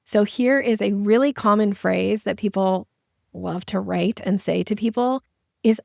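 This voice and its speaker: A woman sales trainer giving an energetic masterclass, acting out little voices to make her points. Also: mid-range voice, a little slow, vocal fry, no room sound, clean studio sound. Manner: lively, acts out little voices and examples. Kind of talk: webinar masterclass presentation.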